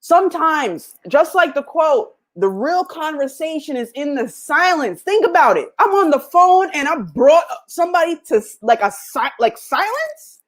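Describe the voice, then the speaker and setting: A middle-aged woman hosting a podcast, giving a motivational talk with animated storytelling, acting out past dialogues and laughing often. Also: sits high. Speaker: podcast host.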